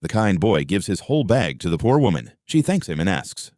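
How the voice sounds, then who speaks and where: A man's voice: low-pitched, sing-song, fairly quick, darkish tone, dry recording, clean studio sound. A man giving scripted narration of a short moral story in a plain storytelling read.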